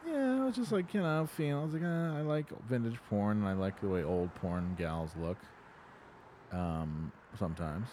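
A man's voice: low-pitched, lively intonation, normal speed, a little mellow, slight background noise. A man in casual, crude podcast chat, rambling and swearing freely. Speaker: podcast host.

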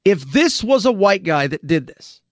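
High-voiced man giving heated commentary. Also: normal speed, dry recording, clean studio sound. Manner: animated and rhetorical, with frequent restarts. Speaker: commentary show host. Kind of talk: opinionated news commentary.

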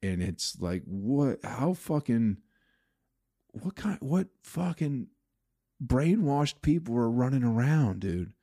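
A man's voice: mid-range voice, sing-song, slow pace, mellow, no room sound, clean studio sound. Profane, ranting male podcast comedian. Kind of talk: solo rambling podcast monologue.

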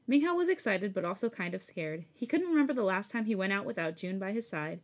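A woman's voice: mid-range voice, animated, fast. A woman podcast host reading fan fiction aloud, breaking off for chatty, giggly asides. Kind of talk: casual story reading.

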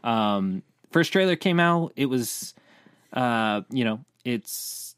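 A young man hosts an entertainment news podcast in a loose, chatty way, full of "um"s and sudden quick bursts. His pitch sits in an ordinary middle range. The mic is close and dry. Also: animated, smooth, no echo. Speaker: podcast co-host, editor-in-chief. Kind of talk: casual podcast chat about entertainment news.

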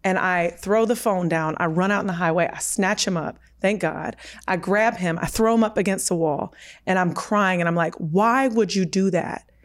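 A woman's voice: lowish voice, moderate pace. A woman in her thirties, a podcast guest, telling a personal story candidly and with emphasis, acting out her own quoted words.

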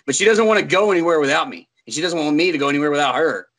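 A young man co-hosting a casual podcast tells a story in a fairly high, rapid-fire voice over poor audio. Animated, he swears often and gets worked up.

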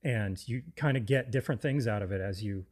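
A man's voice: lowish voice, a little fast, darkish tone. A man co-hosting a casual film discussion, enthusiastic and often restarting his sentences. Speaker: podcast co-host.

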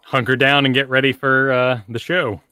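A man playing a tabletop game in character, calm and matter-of-fact. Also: medium pitch, normal speed, dry recording. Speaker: player.

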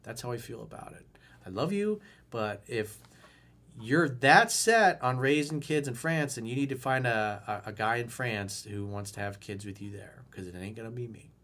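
Speaking at normal speed in a fairly bright, mid-range voice, a man coaches viewers on their relationships by answering their emails on video. He swaggers, curses freely, talks bluntly and emphatically, and acts out firm lines for them to say.

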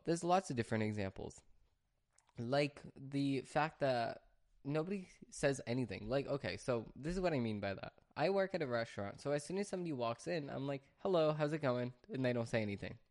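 A man's voice: mid-range voice, expressive, fairly quick, a little mellow. A man who works at a restaurant, talking casually with many fillers and restarts, venting in an exasperated rant. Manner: rambling, frequent fillers and restarts. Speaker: restaurant worker. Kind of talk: casual talk to camera.

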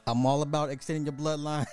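A man hosting a podcast, giving animated, joking commentary and repeating phrases for effect. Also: fairly high pitch, brisk, faint music behind. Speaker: podcast host. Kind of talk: casual comedic commentary.

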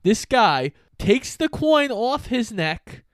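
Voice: medium pitch, big pitch swings, takes it slowly, dry recording. A podcast co-host making dry, sarcastic comments while recapping a movie. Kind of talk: casual movie recap chat.

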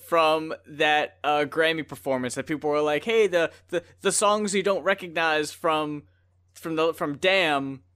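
A man's voice: a little high, unhurried, fairly bright tone, smooth. A man co-hosting a casual music review podcast, ranting with profane, exasperated mock outrage. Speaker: podcast co-host.

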